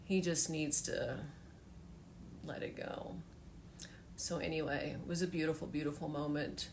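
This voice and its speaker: A woman's voice: low-pitched, steady tone, brisk, gravelly, slight background noise. A woman in her forties telling a personal story in a heartfelt, rambling way with many fillers, tearful at times. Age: 40s. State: tearful, emotional.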